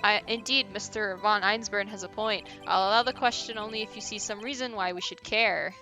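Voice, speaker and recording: A woman's voice: medium pitch, fairly even intonation, brisk, sharp tone, soft background music, rough recording. A woman voicing a fussy older male judge, speaking formally and mildly exasperated.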